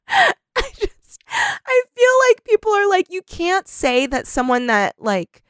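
A young woman co-hosting a podcast in casual chat, animated, swearing often and laughing a lot. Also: extremely high pitch, takes it slowly, no room sound, studio quality. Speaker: podcast co-host.

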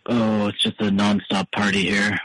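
A man calling in to a talk show, talking with dry, deadpan humor. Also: on the low side, moderate pace, no echo, rough recording. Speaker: caller. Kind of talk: casual phone-in chat.

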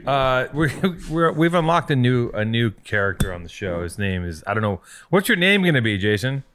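A man's voice: medium pitch, sing-song, moderate pace, fairly bright tone. A man hosting a podcast in a casual, joking chat, rambling and restarting his sentences, a little underslept. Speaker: podcast host.

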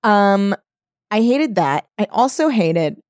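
A woman co-hosting a casual chat, lively and mocking, swearing casually. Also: medium pitch, slow, no echo, studio quality. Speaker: podcast co-host.

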